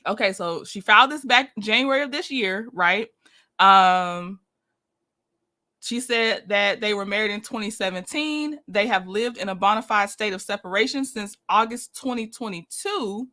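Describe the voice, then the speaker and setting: Bright, chatty woman livestream host. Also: medium pitch, normal speed. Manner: chatty, greets viewers by name, laughs often. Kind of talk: casual livestream chat and document reading.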